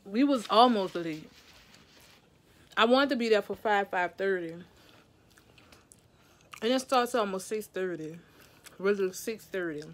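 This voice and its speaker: A woman's voice: medium pitch, a little slow, pauses often. A woman, chatting casually to her viewers from bed. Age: 30s. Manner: chatty, relaxed, addresses viewers as y'all. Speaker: vlogger mom. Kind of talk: casual vlog talk to camera. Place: at home in bed.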